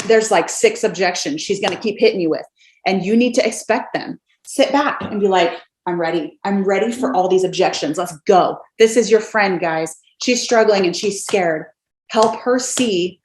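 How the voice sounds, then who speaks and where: A woman's voice: medium pitch, slight background noise. Chatty woman coaching in an echoey room. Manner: chatty and upbeat, acts out sample messages. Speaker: direct sales team coach. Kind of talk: casual coaching talk to camera. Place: home office.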